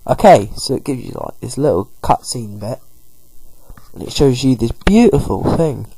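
A man's voice: mid-range voice, very animated, normal speed, vocal fry, warm tone, husky, dry recording, low-quality recording. A man giving a chatty, rambling walkthrough of a video game as its commentator.

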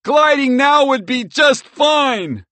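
A man voicing an excitable, adventurous male squirrel with high, frantic cries in an audiobook. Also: slow pace, no room sound, exaggerated voice. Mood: desperate.

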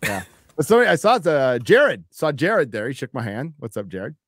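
A man's voice: mid-range voice, big pitch swings, a little fast, fairly bright tone, dry recording, clean studio sound. A man hosting a live stream, chatting casually and reading donations in a crude, joking, rambling way. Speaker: show host reading donations.

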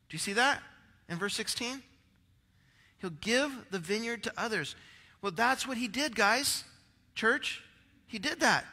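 A man's voice: high voice, sharp tone, long reverb tail. A male pastor preaching a rambling, conversational sermon, out of breath, with many restarts.

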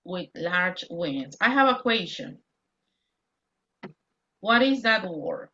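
Bright-voiced woman teacher, lo-fi call. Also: fairly low pitch, sing-song. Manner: drills words slowly, switches between English and Spanish. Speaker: English teacher. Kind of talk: online class instruction. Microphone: video call. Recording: lo-fi video call audio.

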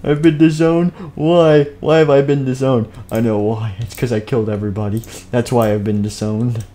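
A man's voice: medium pitch, steady tone, normal speed, dark tone, slight background noise. A man narrating a game live stream, jumping between plain storytelling and playful character voices.

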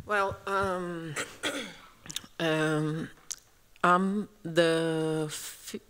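A woman from Brazil, a native Portuguese speaker, answering as a panelist in halting English while she searches for words. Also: low voice, fairly even intonation, a bit bright, clear, resonant tone.

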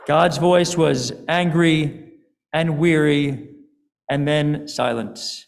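Slow, gravelly rabbi telling a story. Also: male voice, on the high side. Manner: deliberate dramatic storytelling. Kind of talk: storytelling sermon. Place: synagogue sanctuary. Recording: long hall reverb.

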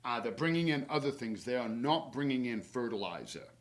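A man, a horticulturist, hosting a casual garden webinar, talking in a relaxed, chatty way with plenty of fillers and practical tips from his own yard. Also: medium pitch, a little fast. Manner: chatty and relaxed, many fillers, laughs at himself.

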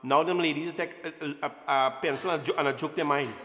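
A man's voice: a little high, steady tone, quick pace, pushed and bright, a little hiss or hum. A man giving an informal, playful talk at a temple satsang, often quizzing his audience. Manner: playful, asks the audience questions. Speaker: temple speaker. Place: temple hall. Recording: roomy hall echo.

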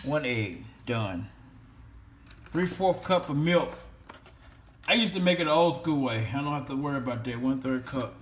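A man's voice: medium pitch, expressive, moderate pace, pauses often, slight background noise. A man in a casual cooking vlog, cursing freely and rambling while he talks to a toy. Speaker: home cook vlogger.

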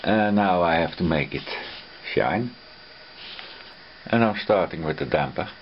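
A very deep-voiced man narrates his guitar-building work at an unhurried pace. He speaks plainly, with dry humor. The voice-over sounds a little dull and lo-fi, with faint noise behind it. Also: expressive, echoey room. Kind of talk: casual narration of a workshop build.

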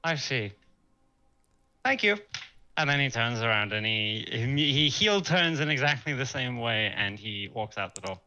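A man's voice: mid-range voice, lively intonation, moderate pace, few pauses, pushed and bright, dull audio. A man playing a tabletop game who describes his character's actions in the third person. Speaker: player. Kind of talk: tabletop role-play.

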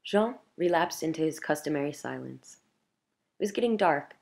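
Low-voiced woman narrating a classic story. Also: lively intonation, moderate pace, vocal fry, a little mellow. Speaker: audiobook reader.

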